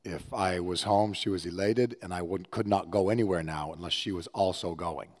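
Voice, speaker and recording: A male pastor preaching a conversational sermon with personal stories, swinging from hushed, low passages to loud, animated ones. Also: moderate pace. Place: church service.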